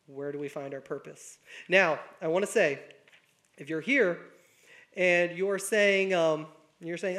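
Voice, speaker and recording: A man's voice: a little high, steady tone, a little slow, a bit bright. A young man preaching a conversational sermon, telling a story with a self-deprecating touch and acting out the people he quotes.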